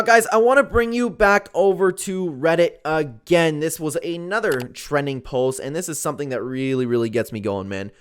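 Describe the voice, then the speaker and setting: A man's voice: medium pitch, smooth. A young man giving casual, opinionated commentary on fight news, with lots of fillers like "like" and "man".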